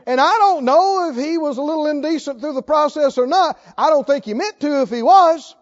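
A man preaching a sermon emphatically, swinging between loud declarations and hushed lines. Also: extremely high pitch, expressive, a little fast, muffled recording. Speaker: pastor.

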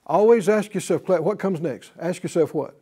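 A man's voice: high voice, normal speed, mellow, slightly rough. A man teaching a Bible class in a sermon style, emphatic and repetitive, often putting questions to the class.

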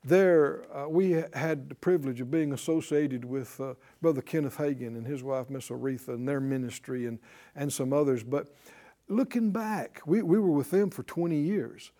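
A man's voice: fairly high pitch, moderate pace, warm tone. A middle-aged man preaching a sermon to a congregation, drawing out emphatic phrases and calling for responses. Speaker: pastor.

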